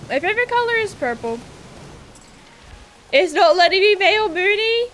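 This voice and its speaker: A young Australian woman streams a game and chats casually with viewers, reading their comments aloud. Her very high, sing-song voice is a bit bright and moves at a moderate pace, and she rambles and giggles as she talks.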